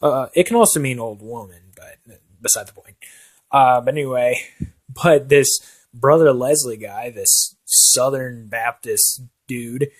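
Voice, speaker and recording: Guy doing a rambly nervous stand-in host, stumbles over every word, mid-pitched voice. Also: natural voice. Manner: hesitant, stammering, full of fillers and restarts. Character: rambling nervous brother filling in as talk show host. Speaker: stand-in talk show host. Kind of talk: amateur comedy sketch.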